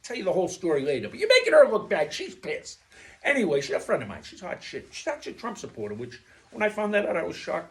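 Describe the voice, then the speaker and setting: A man talking straight to his viewers in a rambling casual monologue, blunt and profane, who keeps drifting off topic. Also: sits high. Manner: digressive and profane, loses his thread; blunt and animated. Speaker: vlogger.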